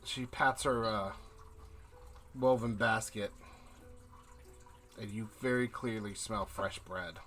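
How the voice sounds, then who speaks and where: A male game master narrates a tabletop game in leisurely, descriptive passages. His voice is low and unhurried, with a bright, forward tone. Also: steady tone. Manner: slow, descriptive scene-setting narration.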